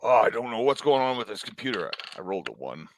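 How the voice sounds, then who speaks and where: A man playing a gruff soldier in a tabletop role-play, talking in a casual, bantering way. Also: on the low side, very animated, fast, a little hiss or hum. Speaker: player.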